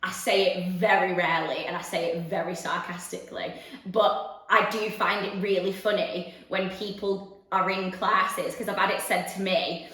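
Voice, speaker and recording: A woman's voice: on the low side, moderate pace. A woman, a spin instructor co-hosting a chat, telling stories emphatically with lots of repetition. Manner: animated storyteller, emphatic repetition. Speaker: spin class instructor and co-host. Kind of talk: casual chat. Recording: very echoey room.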